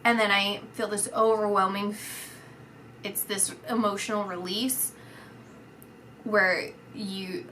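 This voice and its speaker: A woman giving a psychic reading, talking in halting phrases that restart often with filler words. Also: mid-range voice, sharp tone, a little hiss or hum. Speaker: psychic reader. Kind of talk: intuitive reading, spoken to the camera.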